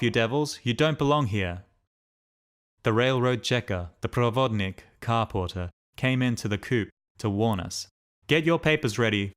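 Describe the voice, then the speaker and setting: A man narrating a diary as an audiobook in a steady, measured reading. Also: fairly low pitch.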